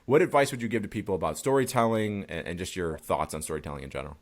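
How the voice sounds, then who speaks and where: A man's voice: low-pitched, racing. A man hosting a podcast interview, talking in a loose, chatty way and swearing casually. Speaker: podcast host.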